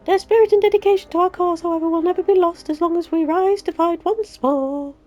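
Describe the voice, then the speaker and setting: A woman's voice: extremely high pitch, fairly quick, darkish tone, lo-fi sound, voice pushed up. A Yorkshire woman mimicking a solemn young leader. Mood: mock solemn. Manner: mock-solemn, archaic-sounding reading.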